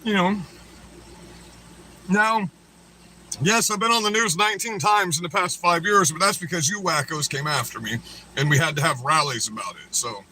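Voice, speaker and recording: A man's voice: high voice, moderate pace, long pauses, sharp tone, slight background noise, poor audio. A man hosting a livestream, delivering a crude, profane, taunting rant at critics. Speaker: livestream host. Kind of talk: ranting livestream monologue.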